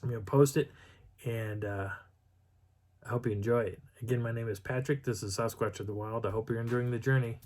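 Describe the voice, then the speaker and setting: A middle-aged man telling a story on his video channel in a casual, animated way, acting out what people said. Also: fairly quick. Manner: animated, acts out quotes with pitch jumps and whispers. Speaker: vlogger.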